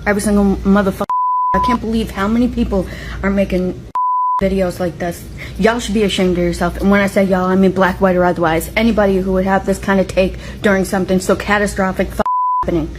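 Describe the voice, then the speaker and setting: A woman rants in fury and swears freely. Clear background noise surrounds her voice. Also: mid-range voice, fairly even intonation, fast. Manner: furious, profane. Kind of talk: angry rant to camera.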